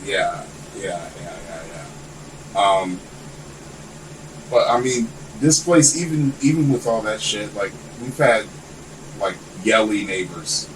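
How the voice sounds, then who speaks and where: A man's voice: fairly low pitch, slow pace. A man guesting on a podcast, telling long, rambling stories in casual, profane chat. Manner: rambling, animated storytelling with lots of swearing. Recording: distant mic with faint air-conditioner hum.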